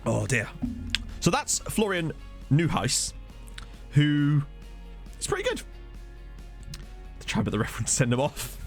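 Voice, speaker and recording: Lively, chatty male game streamer. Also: on the high side, a little slow, pauses often, faint music behind. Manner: chatty, rambling, answers viewer chat. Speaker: streamer playing a football management game. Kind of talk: casual live-stream commentary. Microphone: desktop USB microphone.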